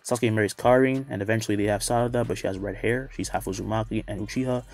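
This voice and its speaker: A man's voice: fairly low pitch, steady tone, fast, a little mellow. A man casually retelling a fan story, cursing freely and adding off-the-cuff asides.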